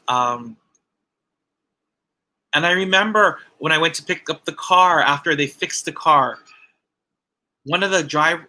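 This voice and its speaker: A man's voice: a little high, sharp tone. A man giving a personal testimony at a church ceremony, telling a story with repeated phrases and acted-out quotes.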